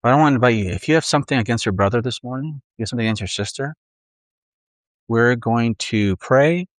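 A man's voice: medium pitch, fast talker, dry recording, poor audio. Conversational male pastor, dry close sound. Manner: conversational, acts out inner voices, frequent restarts. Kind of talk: sermon.

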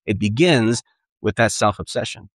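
A man's voice: lowish voice, moderate pace, dry recording. A man preaching a sermon in an earnest, conversational way, often repeating and restarting phrases. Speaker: pastor.

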